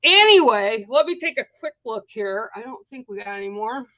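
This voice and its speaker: A woman's voice: a little high, lively intonation, normal speed, pushed and bright, a little hiss or hum. Chatty woman host on muffled stream audio. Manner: chatty, rambling, many fillers. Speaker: host of a spiritual live stream. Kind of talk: casual storytelling on a live stream.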